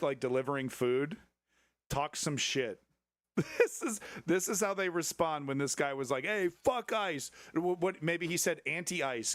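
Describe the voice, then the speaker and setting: A man hosting a live stream, reacting to clips with sarcastic, profane commentary and now and then breaking into shrill mocking voices. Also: no room sound. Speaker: livestream host.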